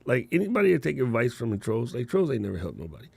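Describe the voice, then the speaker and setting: A man hosting a live podcast, telling stories in a slangy, animated way and laughing often. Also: medium pitch, very fast, creaky, breathy edge, dry recording. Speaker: podcast host. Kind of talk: casual live-stream storytelling.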